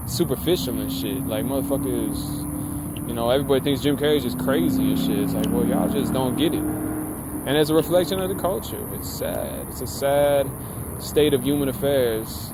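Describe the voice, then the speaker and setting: A man's voice: medium pitch, background noise. A man ranting casually to camera in a vlog, profane, slangy and rambling. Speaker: vlogger.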